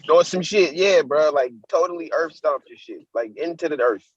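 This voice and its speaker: A man joking around in a casual podcast chat, loud and teasing. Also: a little high, normal speed, husky, highs cut off. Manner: loud, teasing, bursts into laughter.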